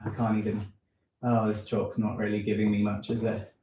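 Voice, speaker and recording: A man's voice: lowish voice, level tone, moderate pace, dark tone, echoey room, a little hiss or hum, poor audio. A man leading a home workout in casual talk, thinking aloud with many ums and self-corrections, a bit out of breath. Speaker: fitness vlogger leading a live workout. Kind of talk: casual live workout instruction. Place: room at home.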